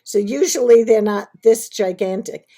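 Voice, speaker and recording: A woman's voice: mid-range voice, moderate pace, warm tone, slightly rough. A woman talking to the camera in a casual video monologue, rambling and laughing at herself. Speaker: vlogger.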